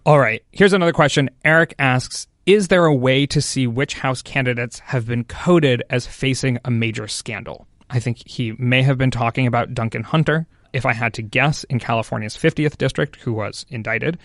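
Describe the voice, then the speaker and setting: A male podcast host reading out listener questions in a casual chat, brisk and keeping things moving. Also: mid-range voice, a bit bright, no echo, clean studio sound.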